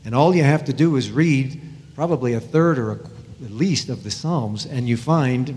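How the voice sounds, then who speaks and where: A man's voice: mid-range voice, normal speed, a little mellow, in a large hall. A man teaching about the Bible, emphatic and repeating key phrases.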